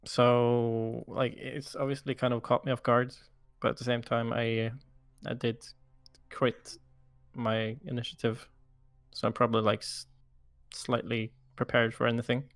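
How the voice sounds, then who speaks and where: A man's voice: mid-range voice, little pitch movement, measured pace, creaky, no echo, faint music behind. A man chatting casually as a player in a tabletop role-playing game, joking and swearing.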